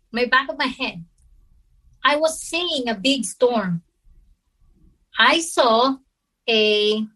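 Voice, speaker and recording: Earnest woman, halting storyteller. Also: a little high, pushed and bright, poor audio. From Philippines. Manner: halting, earnest, with frequent pauses and restarts. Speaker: interview guest. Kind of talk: personal storytelling.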